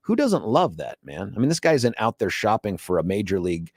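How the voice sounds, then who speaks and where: A middle-aged man hosting a radio talk show in a studio, bantering casually, joking and laughing often while telling animated stories. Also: on the low side, brisk, slightly rough, dry recording. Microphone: studio microphone.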